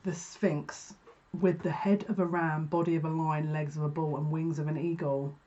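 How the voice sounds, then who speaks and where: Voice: medium pitch, flat delivery, normal speed, warm tone, muffled recording. A psychic reader giving a casual, rambling card reading to viewers, often breaking off mid-sentence. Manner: chatty, rambling, self-interrupting.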